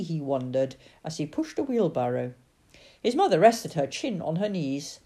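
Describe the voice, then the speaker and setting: A woman reading a children's storybook aloud in a dramatic, expressive way. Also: sits low, moderate pace. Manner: dramatic, sing-song.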